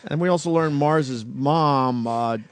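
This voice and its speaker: Mid-pitched radio host, dry close sound. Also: male voice, slow, clear, resonant tone, no room sound. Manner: recaps stories with profanity, steering the talk. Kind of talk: casual radio chat.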